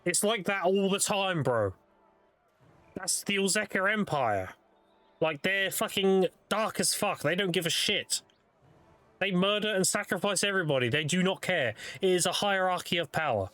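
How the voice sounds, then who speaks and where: A young man streaming a game, casually telling dark lore with plenty of swearing and loose, rambling phrasing. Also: sits high, lively intonation, moderate pace, dry recording. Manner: profane, laid-back lore explainer. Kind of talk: casual storytelling while gaming.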